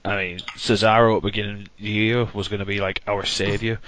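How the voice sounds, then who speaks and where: A man's voice: lowish voice, flat delivery, fast, a bit bright, a little hiss or hum. A British man co-hosting a podcast over a Skype call, chatting casually and making dry jokes. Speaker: podcast co-host.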